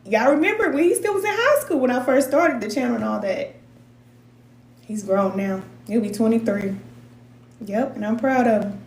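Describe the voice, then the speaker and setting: A woman's voice: fairly high pitch, lively intonation, normal speed. Chatty woman giving a spiritual reading. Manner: chatty and rambling, reading out viewer comments. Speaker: spiritual advisor. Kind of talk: casual livestream spiritual reading. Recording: roomy sound with faint noise.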